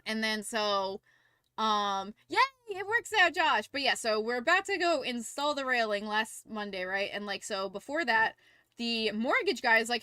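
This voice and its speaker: A young woman streaming, chatting casually and telling a rambling, animated story full of fillers. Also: fairly high pitch, moderate pace, dry recording, studio quality. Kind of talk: casual livestream chat and visual novel read-along.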